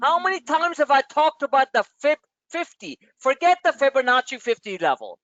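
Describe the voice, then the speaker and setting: A man's voice: extremely high pitch, sing-song, moderate pace, a bit bright, no room sound. New guy ranting at his trading class, swears a lot, voice swings up and down, muffled dry audio. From New York. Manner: frustrated, blunt, profane, lecturing. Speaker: trading webinar host. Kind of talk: live webinar rant. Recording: dull dry lo-fi webinar audio.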